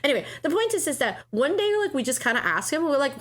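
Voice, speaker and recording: A woman's voice: high-pitched, very animated, fast talker. A woman co-hosting a podcast in casual chat, rambling with many fillers and restarts. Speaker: podcast co-host.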